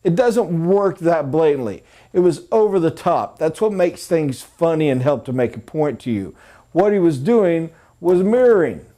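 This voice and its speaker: Mellow-voiced male sales trainer. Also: fairly high pitch, moderate pace. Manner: animated, acts out examples. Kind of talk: classroom sales training talk.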